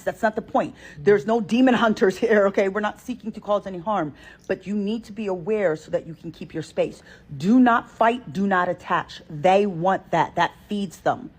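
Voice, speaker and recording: A woman hosting a reaction channel, telling a storytime to her viewers in an expressive, emphatic way that repeats points and addresses them directly. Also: medium pitch, husky. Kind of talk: animated storytime talk to viewers.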